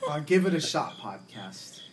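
A man's voice: fairly high pitch, sing-song, a little slow. A man hosting a podcast in casual chat, teasing and joking, saying y'all. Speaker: podcast host. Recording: noisy home recording.

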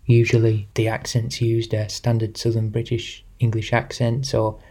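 A man co-hosting a language podcast, giving his views casually and in a measured way. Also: on the low side, completely flat delivery, dark tone, breathy edge. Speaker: podcast co-host. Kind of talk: casual discussion.

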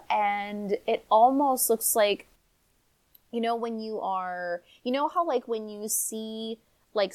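A woman's voice: mid-range voice, poor audio. A woman narrating a tabletop game as game master in a casual, loose way with many fillers.

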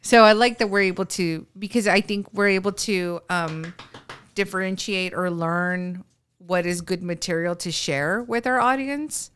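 A woman's voice: lowish voice, a little slow, a bit bright, clear, resonant tone. A woman co-hosting a podcast in casual chat, chatty and giggly, full of fillers. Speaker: podcast co-host. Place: home recording room.

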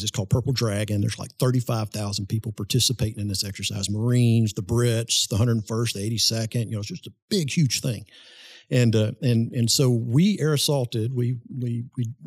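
Husky man telling war stories. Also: mid-range voice, no echo, clean studio sound. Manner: animated, laughs through his story. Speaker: guest. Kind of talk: casual storytelling.

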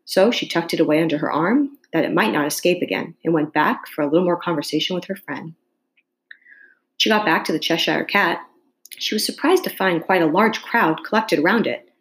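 Female reader with a lowish voice, reading a classic children's tale aloud at an even pace. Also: rough recording. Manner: steady unhurried reading, occasional slips corrected mid-phrase. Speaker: storybook reader.

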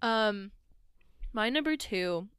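An earnest woman talking casually, rambling a little as she goes. Her voice is very crisp and resonant, and the recording is close and dry. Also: medium pitch, animated, takes it slowly, a bit bright, no echo. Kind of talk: casual chat about a TV show.

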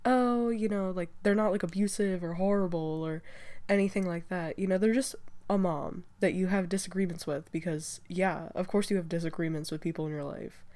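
A young woman talking on her own show in a loose, rambling way, full of "you know" and "like" and little restarts. Her voice sits a touch low for a woman. She sounds slightly stuffy from allergies. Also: steady tone, brisk, dark tone. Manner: rambling, chatty, frequent fillers and restarts. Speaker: podcast host. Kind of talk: casual solo chat.

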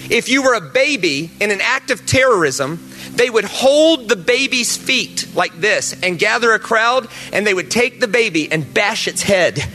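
A man preaching a sermon, telling stories and rising to loud, emphatic peaks. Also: sits high, moderate pace, slight background noise. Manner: animated storytelling, rises to loud emphatic peaks.

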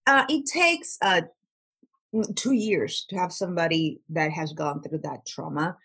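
A woman's voice: fairly low pitch, measured pace, fairly bright tone, breathy edge. A woman being interviewed about her recovery work, earnestly and often repeating words as she searches for phrasing. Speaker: guest, trauma recovery practitioner. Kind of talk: conversational interview.

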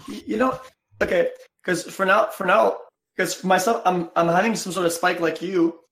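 A man from Quebec with a French accent, a streamer in rambling, halting casual chat. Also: high voice, fairly even intonation, a bit bright, roomy sound. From Quebec, Canada.

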